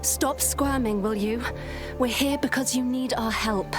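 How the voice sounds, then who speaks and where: Woman voicing strict game medic, clipped orders, raised pitch. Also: measured pace, music in the background, natural voice. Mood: stern. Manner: curt, scolding. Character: brisk female field medic, no-nonsense. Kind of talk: video game voice acting.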